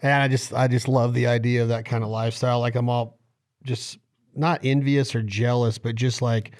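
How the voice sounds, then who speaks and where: A man's voice: mid-range voice, little pitch movement, normal speed, a little mellow. A man hosting a podcast, asking questions in an enthusiastic, loosely phrased casual way. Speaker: podcast host. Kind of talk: casual interview chat.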